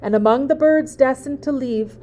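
A woman reading a children's novel aloud, narrating in a gentle, expressive way. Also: sits high, normal speed.

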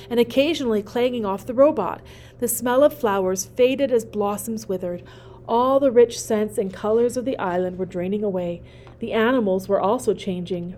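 A woman reading a children's novel aloud, narrating in a gentle, expressive way. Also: on the high side, a little hiss or hum.

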